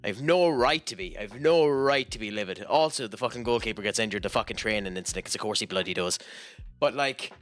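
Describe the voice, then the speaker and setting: A man's voice: on the low side, fast, a bit bright, soft background music. A man with an Irish accent giving casual, profane commentary while playing a game, ranting in exasperation. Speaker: gaming channel host.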